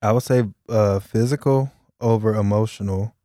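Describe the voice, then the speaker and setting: A man's voice: lowish voice, fairly even intonation, normal speed, mellow, no room sound, studio quality. A man co-hosting a casual podcast, speaking in an easygoing, thoughtful way. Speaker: podcast co-host. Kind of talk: casual chat.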